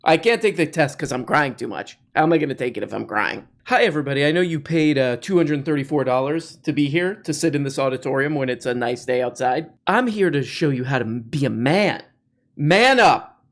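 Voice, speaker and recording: A man's voice: medium pitch, animated, a little fast, few pauses, close to an everyday voice. A man putting on a whiny, sobbing impression of a self-important older male lecturer. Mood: pompous. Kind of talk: mocking impression.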